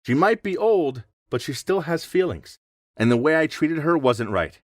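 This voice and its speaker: A young man narrating a first-person story in a reflective, expressive way. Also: on the high side, normal speed, no echo, studio quality.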